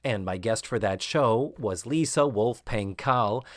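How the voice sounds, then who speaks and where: A man hosting a podcast, recapping a sitcom episode casually and sarcastically, acting out quoted lines in higher voices. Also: a little slow, no echo, clean studio sound. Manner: animated, sarcastic, acts out quotes with rising shrieks. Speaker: podcast host.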